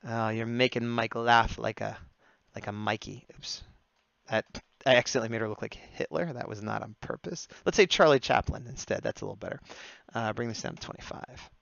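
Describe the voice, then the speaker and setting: Gravelly guy chatting while drawing on stream. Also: medium pitch, fairly quick, a bit bright, no echo, muffled recording. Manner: chatty running commentary, often laughing at his own jokes. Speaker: livestreaming artist taking drawing requests. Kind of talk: casual livestream chat while drawing.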